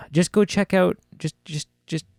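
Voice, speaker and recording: A man's voice: fairly high pitch, big pitch swings, vocal fry, a little mellow, no room sound, studio quality. A Canadian man co-hosting a podcast, chatting casually and jokingly about a film. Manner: joking, acts out quick silly voices. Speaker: podcast co-host. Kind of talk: casual film review chat.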